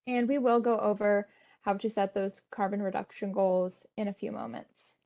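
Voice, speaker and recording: A woman presenting an instructional webinar, explaining steps in a steady tone with frequent "um" and "uh" fillers. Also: mid-range voice, normal speed, dull audio.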